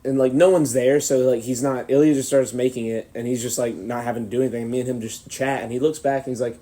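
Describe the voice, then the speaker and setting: A man's voice: mid-range voice, fairly even intonation, fast, few pauses, warm tone. A young man hosting a podcast, telling a long rambling anecdote with frequent laughs in a casual chat. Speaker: podcast host.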